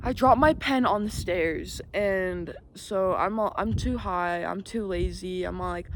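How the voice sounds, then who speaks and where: A woman's voice: mid-range voice, lively intonation, takes it slowly. A young woman telling a story in casual, rambling chat, swearing freely and leaning on fillers, outdoors with wind. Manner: rambling, profane, filler-heavy. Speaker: vlogger. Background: wind and passing vehicles.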